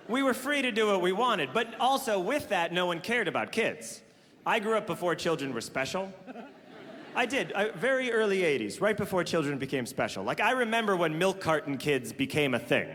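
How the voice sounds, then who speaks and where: A man in his thirties performing stand-up comedy on a large theater stage, telling stories in an animated way with exaggerated voices for the people in them. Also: sits high, fairly quick, a little hiss or hum. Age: 30s. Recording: live hall reverb with crowd laughter.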